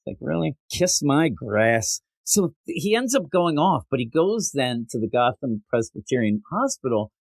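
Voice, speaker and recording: A man's voice: medium pitch, very animated, normal speed, vocal fry, few pauses, dry recording. A man co-hosting a comic book podcast in casual chat, laughing often and acting out characters' lines. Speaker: podcast co-host.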